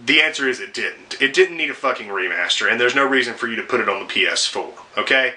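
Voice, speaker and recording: A man's voice: mid-range voice, expressive, fast, hardly any pauses, pushed and bright. A young man delivering a profane, sarcastic rant as a video game reviewer, with frequent swearing and exasperated asides. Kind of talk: ranting commentary video.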